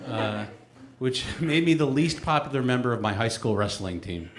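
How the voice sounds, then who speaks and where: A man in his forties performing a stand-up comedy set in a live venue, telling stories with lively acted-out quotes. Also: medium pitch, moderate pace, echoey room, heavy background noise. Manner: animated storytelling with acted-out quotes. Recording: live room with loud audience laughter. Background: audience laughing.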